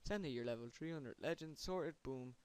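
A man's voice: fairly high pitch, normal speed, darkish tone, clean tone. A man giving casual, rambling gameplay commentary, sarcastic and chanting words under his breath. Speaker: gamer.

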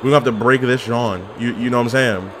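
A man giving casual, excitable commentary while playing a video game, trash-talking and laughing often. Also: mid-range voice, fast, slight background noise. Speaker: gaming commentator.

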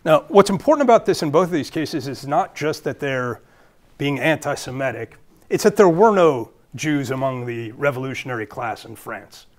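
A man's voice: medium pitch, expressive, normal speed. A man with a Brooklyn accent giving a public lecture as a guest speaker, earnest and thinking aloud with fillers and restarts.

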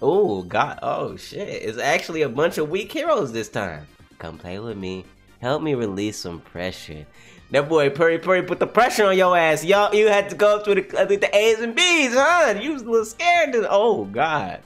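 A man reacting live to a comic as he reads it, excitable and profane, laughing often and swinging between high and low voices. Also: moderate pace, hardly any pauses, faint music behind.

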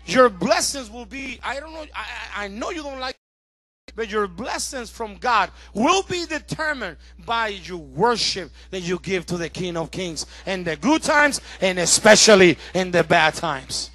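Man, pastor, sermon, animated, acts out voices, high bright tone. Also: unhurried, no room sound.

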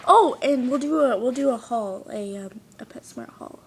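Teen girl, high voice, chatty, giggly, sidetracked, faint background hiss. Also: animated, normal speed. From United States. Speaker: vlogger. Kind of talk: casual chat.

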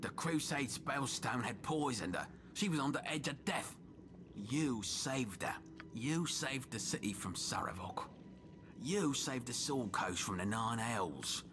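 An actor playing an earnest male ally in a video game, speaking in a measured way. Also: mid-range voice, animated, natural voice. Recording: noisy game audio.

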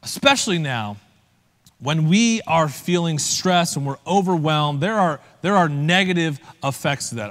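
A man's voice: high voice, fairly bright tone, big-room sound. A man preaching a sermon as pastor, talking conversationally and asking the listeners direct questions. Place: church.

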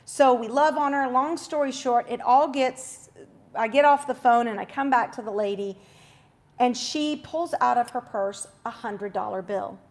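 Chatty high-voiced woman host. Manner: chatty, quick asides and self-corrections. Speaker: host of a faith talk show. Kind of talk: casual devotional storytelling.

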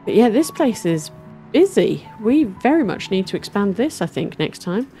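Gamer lady, lively up-and-down voice, a bit high, chatting away over faint game music. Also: moderate pace. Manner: chatty, talks to herself and the game characters, often laughs. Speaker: gaming channel host. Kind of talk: casual let's-play commentary.

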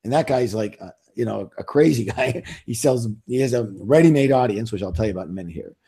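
A man's voice: mid-range voice, lively intonation, fast, warm tone, husky. A middle-aged man telling stories as an interview guest in a casual, self-assured way, with emphatic repeats. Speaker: interview guest, author and seminar leader.

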